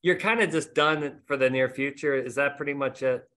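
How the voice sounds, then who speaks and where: A middle-aged man hosts a podcast, rambling through stories in casual, self-mocking chat. His mid-range voice moves at normal speed with a bright, forceful tone.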